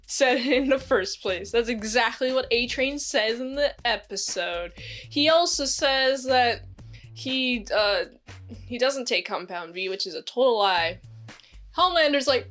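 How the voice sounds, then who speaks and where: A woman's voice: a little high, a bit bright. A woman casually recapping a TV episode in a rambling, chatty way, acting out the characters' lines as she goes. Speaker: series reviewer.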